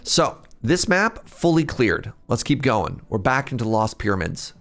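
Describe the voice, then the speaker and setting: Faint game music underlies this casual livestream of an incremental game. The young adult male streamer has a sing-song, somewhat bright medium-pitched voice and an unhurried delivery as he chats, reads viewer names and laughs often.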